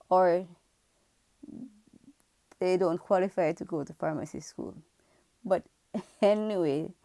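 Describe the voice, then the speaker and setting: Candidly recounting her personal story to camera, a pharmacist from Jamaica speaks in a fairly low, gravelly, dark-toned voice without echo. Her manner is frank, earnest and reflective.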